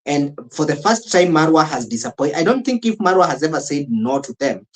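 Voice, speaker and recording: A man's voice: fairly high pitch, expressive, a little fast, poor audio. A Kenyan man streaming live, giving chatty, opinionated commentary on a show and greeting viewers from the chat. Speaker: streamer reacting to a reality show. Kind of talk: casual live reaction commentary.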